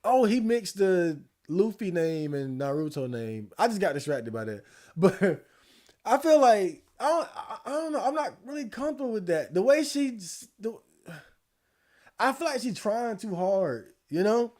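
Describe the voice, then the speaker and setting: A man streaming casual commentary, laid-back and slangy, swearing freely and laughing often, a little hoarse. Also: high voice, sing-song, unhurried, a little mellow. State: losing his voice. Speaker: streamer reacting to election night.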